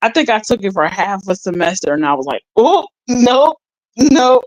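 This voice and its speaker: A woman's voice: fairly low pitch, animated, quick pace, dry recording, poor audio. A woman chatting casually on a livestream, rambling and laughing as she reads her viewers' chat aloud.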